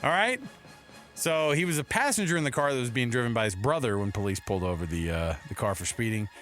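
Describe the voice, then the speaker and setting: A man's voice: medium pitch, animated, fast, a bit bright, soft background music. A man hosting a casual sports talk radio show in a studio, joking and playful. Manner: joking, playful, does voices.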